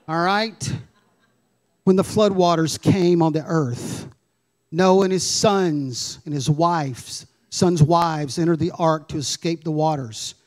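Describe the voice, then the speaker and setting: Male pastor, sermon, high voice, slow, conversational, rhetorical questions. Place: church.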